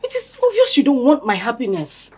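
A headstrong young daughter in a film drama, arguing and pleading with raw emotion. Her breathy, fairly high voice rises and falls over a wide range. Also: wildly swooping pitch, a little fast, darkish tone, exaggerated voice. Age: young adult.

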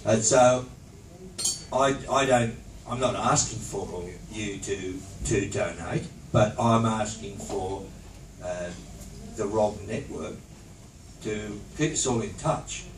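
A man in his sixties giving a plain, halting appeal to old friends at a reunion. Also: fairly low pitch. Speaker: reunion speaker. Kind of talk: earnest speech. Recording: echoey room from far off with noise.

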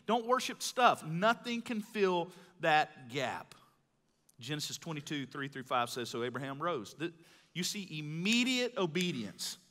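Bright-voiced preacher in a reverberant hall. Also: male voice, a little high. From Mississippi, US. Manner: folksy storytelling preacher, swings between loud and hushed. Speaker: pastor. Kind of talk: sermon. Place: large church hall. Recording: live hall with long reverb.

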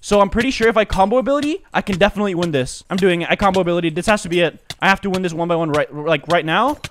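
A man giving live commentary on his own gameplay, excitable and slangy, jumping from low muttering to loud outbursts. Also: racing, a little hiss or hum. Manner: slangy, says dude and bro a lot. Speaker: gaming commentator.

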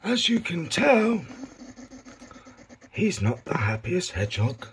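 A man putting on the voice of a male nature documentary narrator, measured and hushed. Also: sits high, sing-song, slight background noise, pitched above the performer's own voice, heavily acted. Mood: mock-serious. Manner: measured, hushed wildlife commentary.

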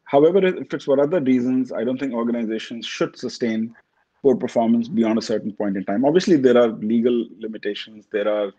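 A man from Pakistan, a company chief, answering interview questions in a measured corporate way, often restarting his words. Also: medium pitch, mellow, breathy edge, muffled recording. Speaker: CEO guest.

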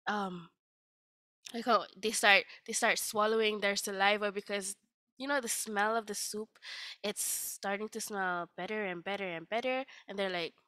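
A woman, telling a children's story in a lively, casual way. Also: medium pitch, normal speed, no echo.

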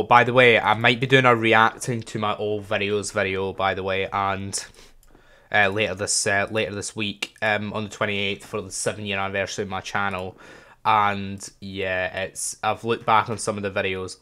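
A young man talks casually over gameplay, musing aloud as he guesses. His voice is fairly low, and his delivery is relaxed and self-deprecating. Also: normal speed, smooth. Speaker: gaming channel host.

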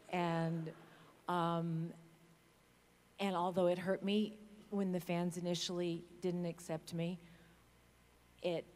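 Slow, frank woman in an echoey hall. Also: on the low side, a little mellow, slight background noise. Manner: frank, self-mocking, laughs at herself. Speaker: actor on a convention panel. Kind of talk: candid panel remarks. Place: large convention hall.

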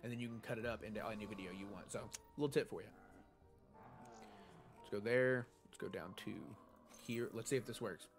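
A man's voice: lowish voice, fairly even intonation, a little fast, gravelly, long pauses, soft background music. A young man live streaming a video game from his home desk, chatting casually and answering viewers' questions. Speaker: gaming streamer. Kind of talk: live stream chat while gaming. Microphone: desk mic.

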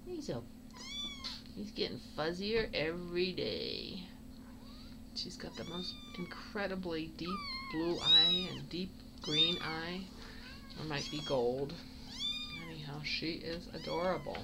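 A woman's voice: medium pitch, wildly swooping pitch, takes it slowly, heavy background noise. A woman cat breeder narrating a casual home video, cooing baby talk at kittens.

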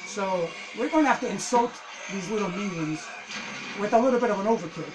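Excitable ranting man, high lively voice. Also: fairly quick, slight background noise, poor audio. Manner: excitable, swearing, ranting at the game. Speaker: gameplay commentator. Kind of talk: casual let's-play commentary.

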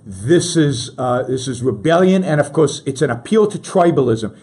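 A man's voice: mid-range voice, animated, normal speed, a little mellow, breathy edge. A man hosting a talk show, giving emphatic political commentary and addressing his listeners directly, often restarting his sentences.

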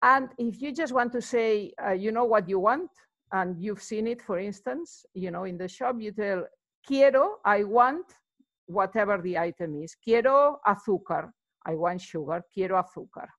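A middle-aged woman, teaching a relaxed video lesson in a chatty way, with many fillers and words repeated slowly for practice. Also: mid-range voice, muffled recording. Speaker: Spanish teacher.

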